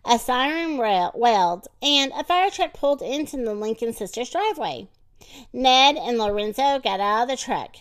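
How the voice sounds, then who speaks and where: A woman reading a children's storybook aloud, expressive and deliberate. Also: fairly high pitch. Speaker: narrator.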